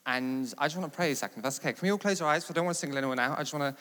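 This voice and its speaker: A man from England preaching and telling a testimony story, building from steady talk to loud, animated retelling. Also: on the high side, rapid-fire. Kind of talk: sermon testimony. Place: large church hall. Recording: long reverb of a large hall.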